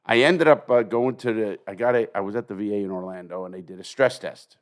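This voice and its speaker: An older American man with a lowish voice hosts a casual podcast chat. He tells stories bluntly and profanely, acting out the voices of the people he quotes. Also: fast. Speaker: podcast host.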